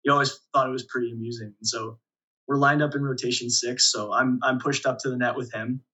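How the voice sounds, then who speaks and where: A young man, a volleyball player, telling stories in a relaxed interview with frequent chuckles and restarts. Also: mid-range voice, fairly quick, breathy edge, muffled recording. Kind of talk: casual interview storytelling.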